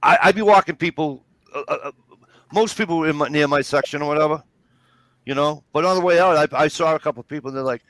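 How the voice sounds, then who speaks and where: A man's voice: a little high, a little fast, a bit bright, dry recording. A man, telling rambling, swear-filled stories in casual chat. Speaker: storyteller.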